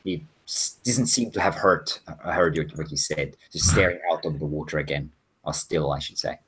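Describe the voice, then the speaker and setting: A man narrating a tabletop role-playing game as game master, in a loose, casual way with many pauses and restarts. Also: rumbling low, fairly bright tone, slightly rough. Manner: casual, many ums and self-corrections.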